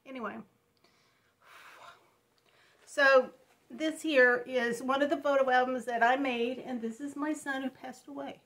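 A woman in her fifties talking through tears in a personal home vlog, halting and restarting often. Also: high-pitched, fairly even intonation, a bit bright. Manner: halting, tearful, many restarts. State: crying. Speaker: vlogger.

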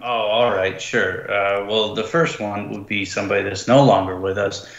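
A man talking casually on a podcast, halting and full of fillers and restarts. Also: fairly low pitch, fairly even intonation, gravelly, a bit bright. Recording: dull, roomy sound.

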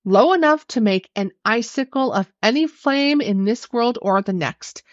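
A woman voicing a courteous, coolly firm young gentleman in a storybook reading. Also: fairly high pitch, expressive, measured pace, dry recording, muffled recording. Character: courteous young male master, cool, firm.

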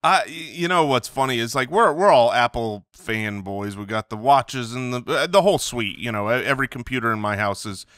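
A man co-hosts a comedy podcast with a bright, lively tone. He rambles through joking rants that poke fun at himself. The sound is dry and close. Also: mid-range voice, fairly quick, hardly any pauses, no echo. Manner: rambling, self-mocking rants. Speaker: podcast co-host. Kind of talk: casual comedic banter.

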